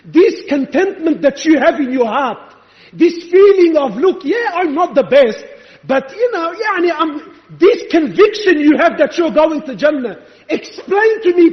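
A male preacher giving an impassioned, rhetorical sermon, challenging his listeners. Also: extremely high pitch. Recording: echoey hall, dull lo-fi sound.

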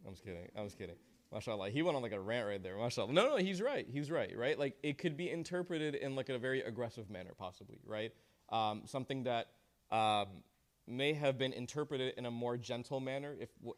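Speaking fast and expressively at a medium pitch, this male teacher guides a class discussion. He jokes, encourages students, praises their answers, and drops in Islamic phrases.

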